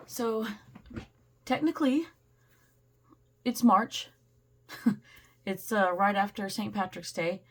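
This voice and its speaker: A woman giving a casual, rambling tarot reading, slightly hoarse, clearing her throat and laughing often. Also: mid-range voice, expressive, drawn-out words, long pauses. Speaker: tarot reader.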